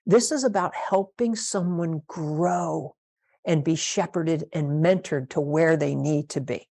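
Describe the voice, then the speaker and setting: A woman pastor with a fairly low voice leads a master class for church leaders. She speaks emphatically, drives points home by repeating key phrases, and now and then acts out how a conversation should sound. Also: takes it slowly, creaky, warm tone. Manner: emphatic, repeats key phrases, role-plays sample talks.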